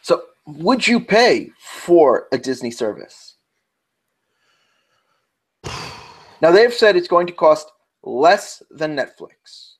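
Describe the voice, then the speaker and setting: A very animated man with a somewhat high voice and a New York accent speaks slowly, leaving long pauses. He's co-hosting a podcast in a casual round-table chat, rambling and chatty, and he often stops to restart his sentences.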